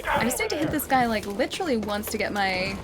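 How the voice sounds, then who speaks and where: A young woman streaming a game and chatting with viewers, speaking clearly with a slight lisp from her retainers. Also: a little high, lively intonation, fast talker. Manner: clear, well-enunciated speech. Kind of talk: casual live-stream gameplay chat. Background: game music.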